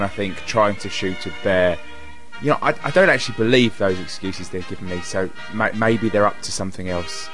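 A man's voice: mid-range voice, a bit bright. A man, a podcast producer giving a casual intro with dry, chatty asides.

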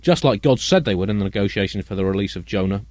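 Man, comedy podcast co-host, rambling riffs, animated pitch, dry sound. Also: fast talker, dry recording.

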